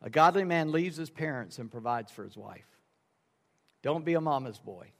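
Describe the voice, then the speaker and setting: A man's voice: fairly high pitch, lively intonation, moderate pace. A man preaching a sermon as pastor, telling folksy stories and acting out the people in them. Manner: folksy storytelling, acts out dialogue in quoted voices. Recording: reverberant sanctuary sound.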